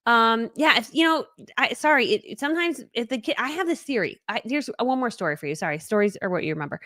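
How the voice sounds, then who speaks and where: A woman in her forties, a business coach, chatting excitedly and rambling through a casual live training from her home office. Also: on the high side, fast talker, no echo, studio quality.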